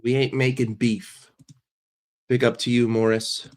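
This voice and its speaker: A man's voice: medium pitch, flat delivery, unhurried. A man hosting a casual livestream while sick and congested, chatting with viewers, greeting them by name and often repeating himself. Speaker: livestream host.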